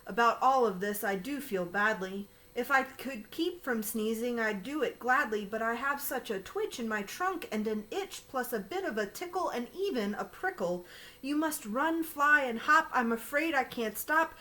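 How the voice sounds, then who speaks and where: A woman's voice: a little high, moderate pace, sharp tone, low-quality recording. A woman voicing a worried male elephant who apologizes and pleads in a children's rhyming story. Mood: apologetic. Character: worried big male elephant fighting a sneeze.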